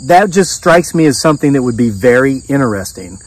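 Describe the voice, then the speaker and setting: A middle-aged man spins a long, rambling story to his vlog audience, stopping and restarting as he goes. His pitch sits right in the middle for a man. He sounds set back a little from the mic. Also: fairly quick, distant mic, low-quality recording. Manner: rambling, animated retelling with restarts and quoted dialogue. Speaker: homesteading vlogger. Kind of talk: casual storytelling monologue.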